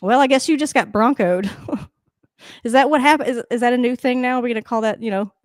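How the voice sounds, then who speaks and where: Excitable swearing woman reacting to football. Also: a little high, quick pace, no echo, clean studio sound. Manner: excitable, swearing, laughing, talks to the coach. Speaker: sports reaction host. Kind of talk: casual live game commentary.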